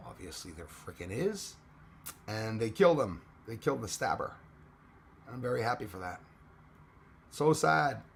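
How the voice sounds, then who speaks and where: A man hosting a casual live stream chat, hoarse and losing his voice, greeting viewers by name. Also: mid-range voice, slight background noise.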